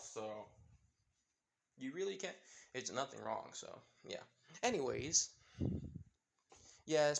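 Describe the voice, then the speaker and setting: A man's voice: mid-range voice, creaky. Guy rambling through a fan story, lots of basically and pretty much, keeps correcting himself. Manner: rambling, self-correcting, filler-heavy. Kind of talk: casual fan-fiction storytelling.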